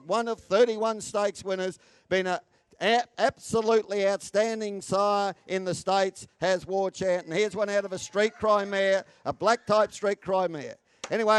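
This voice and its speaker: Aussie auctioneer guy rattling off bids in a sing-song chant, highish smooth voice, dry close mic. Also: no echo. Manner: rapid rhythmic bid chant, salesman patter. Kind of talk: live horse auction calling. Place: sales ring.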